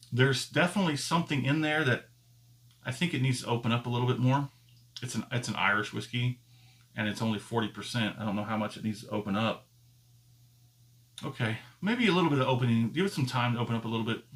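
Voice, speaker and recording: A man hosting his own whiskey review channel, talking to camera in a casual, unhurried way and pausing often to find his words as he thinks aloud. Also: medium pitch, a bit bright.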